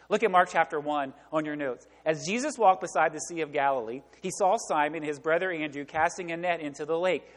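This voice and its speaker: A man preaching a sermon as pastor, asking the congregation questions and swinging between loud emphasis and hushed asides. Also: a little high, in a large hall. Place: church sanctuary.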